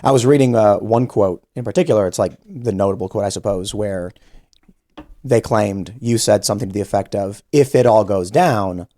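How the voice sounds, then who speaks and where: A man hosting a podcast studio interview, asking questions rapidly with frequent restarts. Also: on the low side, dark tone, no room sound. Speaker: podcast host.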